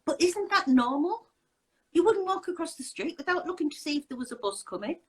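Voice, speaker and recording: A woman's voice: sits high, very animated, brisk, rough recording. A woman hosting a casual interview chat, talking in an indignant, emphatic way with many rhetorical questions. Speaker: host.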